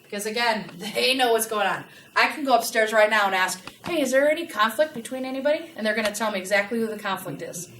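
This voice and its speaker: A woman giving a lively customer service training talk to a live audience and asking them questions. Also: on the high side, fast, hardly any pauses. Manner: animated, asks the audience questions. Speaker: workplace trainer. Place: large room with a live audience. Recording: echoey room, from a distance, faint noise.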